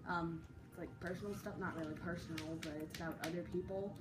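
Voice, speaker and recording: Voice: mid-range voice, steady tone, fast, echoey room, distant mic, loud music behind the voice. A gaming channel host giving casual, teasing commentary over a match, yelping at game events.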